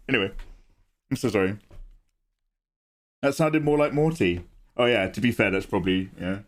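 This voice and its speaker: A man's voice: sits low, animated, fairly quick, pauses often. A young man streaming live, chatting and joking in a rambling way from his home setup. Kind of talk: casual live-stream chat.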